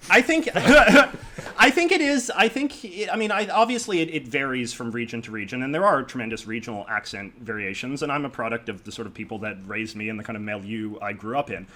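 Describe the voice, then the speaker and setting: A man with a Canadian accent chats as a podcast guest, his words tumbling out at a very quick clip. He speaks at a mid-range pitch and leans heavily on "like" and "you know" as he works through his thoughts. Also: pushed and bright. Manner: rapid, talkative, peppered with 'like' and 'you know'. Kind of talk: casual conversation.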